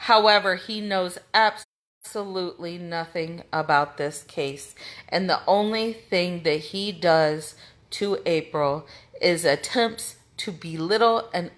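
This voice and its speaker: A woman's voice: fairly low pitch, slow, a bit bright. An American woman with a Midwestern accent, speaking out for a missing person's family in an impassioned, indignant rant straight to the camera, repeating her points with emphasis.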